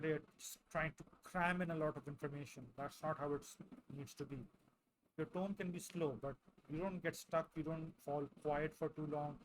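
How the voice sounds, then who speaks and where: A male English tutor with a slightly raised pitch talks his class through speaking answers. He goes slowly and carefully, and he often tags his points with a questioning "right?". Faint ambient sound sits behind him. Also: slight background noise, poor audio. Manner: slow, deliberate delivery with frequent "right?" tags. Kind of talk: explaining and demonstrating speaking answers.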